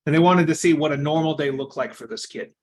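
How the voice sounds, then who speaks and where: A young adult man giving a coaching talk, telling his own story in an earnest way that moves from loud emphasis to quiet asides. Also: fairly high pitch, quick pace, a little hiss or hum.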